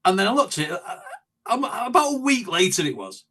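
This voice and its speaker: A man's voice: high-pitched, very animated, a little fast, sharp tone, a little hiss or hum. A man chatting as an interview guest, telling stories animatedly with quoted asides. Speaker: guest, reaction video creator. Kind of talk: casual interview chat.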